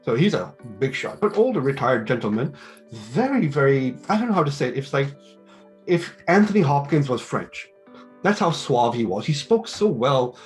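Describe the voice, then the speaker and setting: A middle-aged man, a business school teacher, interviewing and giving advice in a lively way, acting out conversations as he tells stories. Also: medium pitch, moderate pace, faint music behind. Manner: animated storytelling with quoted dialogue.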